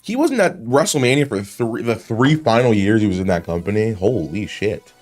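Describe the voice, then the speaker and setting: A man's voice: lowish voice, animated, moderate pace, darkish tone. A man giving casual, rambling reaction commentary on wrestling clips, swearing freely and laughing often.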